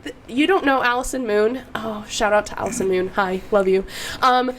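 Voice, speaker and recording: A young adult woman, a podcast guest, telling a story in a casual, animated way with frequent fillers and swearing. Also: a little high, moderate pace, slight background noise.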